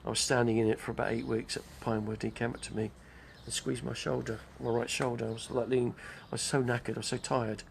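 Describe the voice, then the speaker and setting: Older guy, gravelly voice, rambling live-stream host. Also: medium pitch, flat delivery, fast talker, few pauses, a little hiss or hum. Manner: chatty, digressive, name-dropping. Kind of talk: rambling casual monologue.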